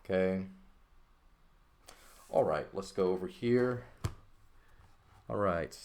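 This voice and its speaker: A man's voice: sits low, expressive, slow pace, a little mellow, slight background noise. A man teaching a recorded language lesson, explaining step by step, checking in with the listener and correcting himself as he goes. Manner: explanatory, checks in with "okay" and "right"; thinks aloud, self-correcting. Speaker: Greek teacher.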